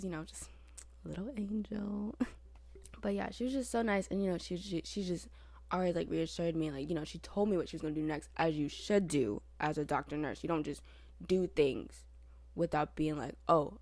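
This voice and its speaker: A young woman co-hosting a podcast, telling a story in a chatty, animated way full of fillers. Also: on the low side, moderate pace, no room sound. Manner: chatty, animated, filler-heavy with frequent laughs. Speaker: podcast co-host. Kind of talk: casual chat, storytelling.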